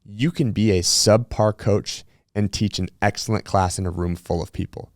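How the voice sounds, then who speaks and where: Guy hosting a podcast, really deep voice, dry close sound, swears a lot and tells stories. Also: normal speed, no echo. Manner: candid, swears freely, animated storytelling. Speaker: podcast host. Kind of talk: casual podcast conversation.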